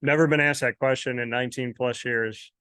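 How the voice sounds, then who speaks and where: A man's voice: mid-range voice, fairly even intonation, brisk, pushed and bright, smooth, no echo. A chatty man hosting a casual sports interview, laughing often. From Syracuse, New York. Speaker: interviewer and show host.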